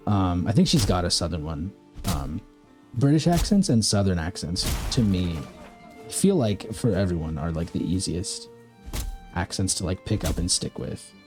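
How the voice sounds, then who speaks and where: A man from the American Midwest streaming a game, chatting casually and rambling while answering his chat. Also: deep voice. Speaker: live streamer.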